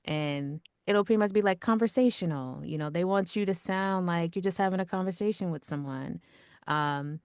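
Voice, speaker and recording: A woman with a low, calm voice talks casually about her work in radio and voice acting. Her speech is relaxed and natural, full of "like" and "you know." The sound is dry and close, with no room echo. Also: moderate pace, clear, resonant tone. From Long Island and Georgia. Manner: chatty, lots of "like" and "you know". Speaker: radio producer and voice actor. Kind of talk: casual interview answers.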